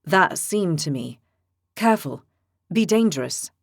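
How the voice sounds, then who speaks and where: A woman voicing a cheerful imprisoned man who talks in halting, broken short phrases. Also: lowish voice, animated, vocal fry, dry recording, clean studio sound, heavily acted.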